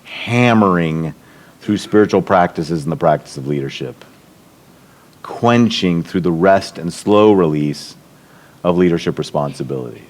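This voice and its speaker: A man's voice: low voice, animated, unhurried. A middle-aged man speaking at a church leadership event, telling personal stories and lifting his voice to act out what others said. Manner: warm storytelling, acts out quotes with raised voice. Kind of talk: storytelling talk.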